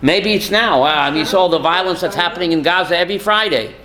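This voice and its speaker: A man's voice: sits high, fast talker, bright, forceful tone. A man giving a rabbi's Torah class, emphatic, firing rhetorical questions and calling on listeners by name.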